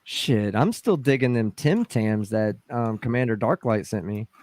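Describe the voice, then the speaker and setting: Lively guy on a video call, swings his pitch all over, laughs a lot. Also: a little slow, dry recording. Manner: animated, laughing, swears casually. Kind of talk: casual group video call chat.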